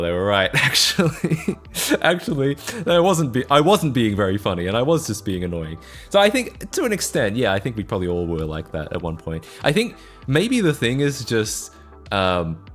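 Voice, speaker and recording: A young Australian man with an Australian accent, chatting casually on a live stream, self-mocking and laughing often as he answers chat. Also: lowish voice.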